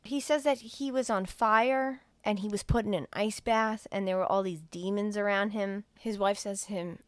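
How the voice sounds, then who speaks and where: A woman's voice: mid-range voice, moderate pace, few pauses, dry recording. Woman on a podcast recapping a movie, acts out all the lines, laughs a lot, dry close sound. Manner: animated retelling, acts out characters' lines, swears and laughs. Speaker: podcast host retelling a film. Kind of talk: casual chat.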